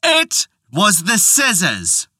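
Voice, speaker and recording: A storyteller voicing a stubborn, defiant wife who repeats herself slowly in a raised voice. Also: huge pitch swings, sharp tone, dry recording, studio quality, full character voice. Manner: slow, high, insistent repetition. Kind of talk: storytelling voice acting.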